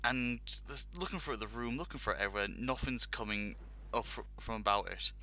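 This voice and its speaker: A man's voice: medium pitch, brisk, pushed and bright. A man hosting a casual talk show, telling a long funny anecdote with laughs and acted-out quotes. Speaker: podcast host telling a story. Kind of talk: casual storytelling.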